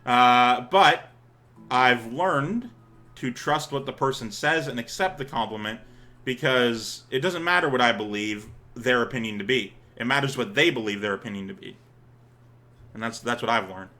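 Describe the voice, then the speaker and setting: A man hosting a let's play, reading a visual novel aloud and breaking off into excited, laughing, swearing reactions. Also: medium pitch, normal speed.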